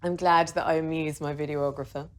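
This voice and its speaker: A woman talks a class through a meditation in a relaxed, chatty way. Her voice sits a little low for a woman, and she jokes, laughs and swears casually as she guides. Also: brisk. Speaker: meditation teacher. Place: video shoot with a videographer.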